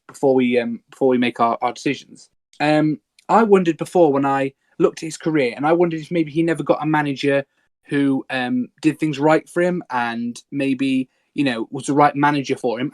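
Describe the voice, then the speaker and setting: A man hosting a casual podcast chat, hesitant with fillers and quick laughs. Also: medium pitch, dry recording. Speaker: podcast host.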